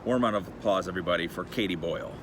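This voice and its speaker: A man hosting a comedy show, introducing the next comic with relaxed, hesitant fillers. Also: sits low, racing, background noise. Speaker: show host. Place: rooftop outdoors.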